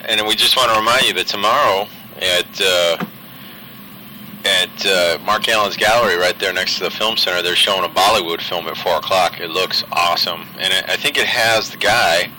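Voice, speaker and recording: A man's voice: sits low, moderate pace, pushed and bright, slight background noise, poor audio. A man hosting a casual community radio show, laid-back and laughing often. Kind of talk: casual on-air chat.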